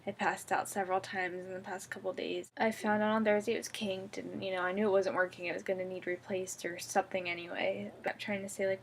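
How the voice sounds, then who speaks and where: Young woman vlogger, groggy and drowsy, gravelly voice, chatty and rambling, casual video diary. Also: mid-range voice, flat delivery, fast, few pauses, a little hiss or hum. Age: young adult. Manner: rambling, chatty, giggly, soft-spoken. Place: at home, sitting up in bed.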